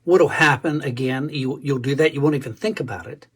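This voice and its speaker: A man's voice: mid-range voice, brisk, husky. A man teaching a casual instrument lesson, thinking aloud and correcting himself as he plays. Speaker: music teacher. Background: dulcimer playing.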